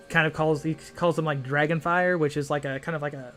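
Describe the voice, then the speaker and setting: A man's voice: a little high, steady tone, brisk, hardly any pauses, fairly bright tone, soft background music. A man narrating as game master of a tabletop game, rambling with many fillers and hedges.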